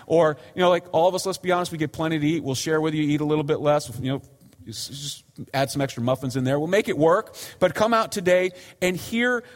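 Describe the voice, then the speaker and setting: Man preaching in a reverberant hall. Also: fairly high pitch. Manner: earnest pleading, voice rising and falling with emphasis. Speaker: pastor. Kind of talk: sermon.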